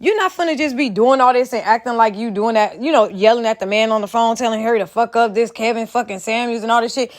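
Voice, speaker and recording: Donna dalla voce acuta, schietta e scurrile, che commenta con foga. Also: female voice, on the high side, quick pace, hardly any pauses. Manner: heated, blunt, profane, repetitive. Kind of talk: profane reaction commentary.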